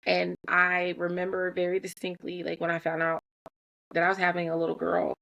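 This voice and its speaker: A woman's voice: lowish voice, fairly quick, creaky. A woman, a mother in her thirties, speaking candidly and earnestly about parenting, owning up to her own faults with frequent restarts. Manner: earnest, self-critical, animated with restarts. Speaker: mother sharing parenting reflections. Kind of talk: candid personal talk.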